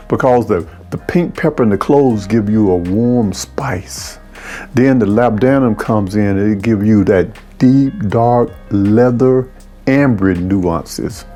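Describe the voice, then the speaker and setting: A man's voice: fairly low pitch, measured pace, warm tone, faint music behind. A man casually reviewing fragrances, effusive and savoring each note with exclamations.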